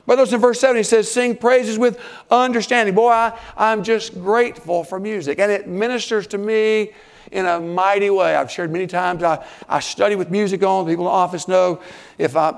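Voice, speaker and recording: An older man preaching a sermon as pastor, animated, with sudden loud bursts and hushed asides. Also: high voice, creaky, clean tone.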